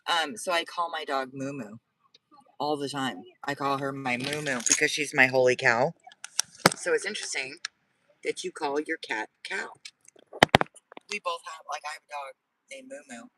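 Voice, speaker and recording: A man's voice: mid-range voice, moderate pace, pauses often, recorded from a distance, heavy background noise. Rambling man chatting from his car. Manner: rambling, repeats himself, talks to live chat. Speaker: vlogger living in his car. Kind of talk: casual livestream chat with viewers. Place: inside a parked car at night.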